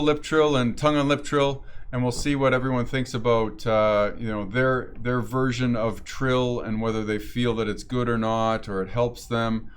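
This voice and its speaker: A man coaching voice technique in a casual lesson, explaining with frequent restarts and self-corrections. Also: mid-range voice.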